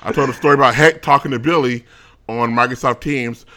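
A man's voice: mid-range voice, steady tone, a little fast, bright, forceful tone. A man co-hosting a casual podcast, telling an exasperated, ranting story full of restarts. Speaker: podcast co-host.

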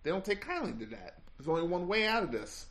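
A man's voice: high-pitched, sing-song, fast, crowd noise, pitched above the performer's own voice. A man voicing a blunt, violent male vampire hunter in a put-on Chicago accent during a tabletop game. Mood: gruff. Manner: blunt, tough-guy talk.

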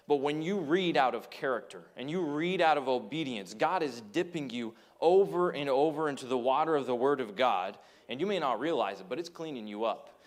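A man's voice: mid-range voice, animated, a little fast, hardly any pauses. Earnest man preaching a sermon. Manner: earnest preaching with acted quotes and storytelling. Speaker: pastor.

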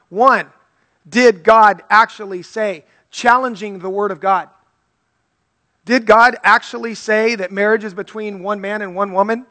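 A man's voice: sits high, a bit bright, no echo. A male pastor preaching an earnest, conversational sermon and reading scripture aloud.

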